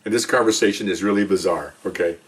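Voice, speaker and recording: A man's voice: low-pitched, fast talker, recorded from a distance. A middle-aged man casually telling a story, acting out both sides of a phone call and laughing often. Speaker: podcast co-host, retired cop.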